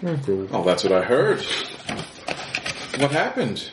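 A man's voice: mid-range voice, very animated, takes it slowly, echoey room, noisy background, pitched above the performer's own voice. A man voicing a smug, cruel villain officer who taunts and threatens in a silky, mocking way. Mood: taunting.

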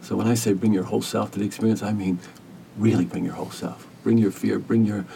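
Podcast guest: a man with a low, gravelly, mellow voice, gentle and earnest, heard a bit off-mic over a faint rumble. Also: level tone, recorded from a distance. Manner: earnest, gentle, measured storytelling. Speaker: hospice caregiver, podcast guest. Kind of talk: reflective storytelling interview.

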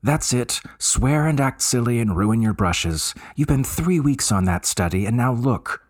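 A man voicing a teasing, lively young woman who models for a painter, in a raised voice. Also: medium pitch, unhurried, no echo, studio quality, pitched above the performer's own voice. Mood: scolding.

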